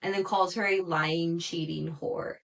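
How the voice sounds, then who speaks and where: A woman hosting a podcast, recapping a reality show in a chatty, animated way, with frequent "like" fillers and laughter. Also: lowish voice, a little slow, creaky. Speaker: podcast host.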